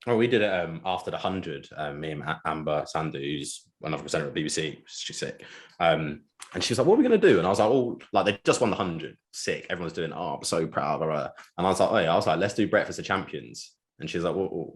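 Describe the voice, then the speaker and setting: A young man hosting a podcast, telling stories in slangy, animated casual chat. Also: sits low, fast talker. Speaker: podcast host.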